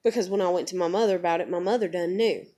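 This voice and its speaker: A woman's voice: lowish voice, racing, mellow. A young woman, telling a personal story to her vlog in a blunt, profane, emotional way. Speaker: vlogger.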